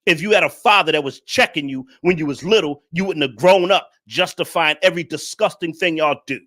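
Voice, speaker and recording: A man's voice: a little high, a little fast, pushed and bright. A man hosting a livestream, scolding his viewers in a preachy, repetitive rant. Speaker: livestream commentator. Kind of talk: ranting livestream commentary.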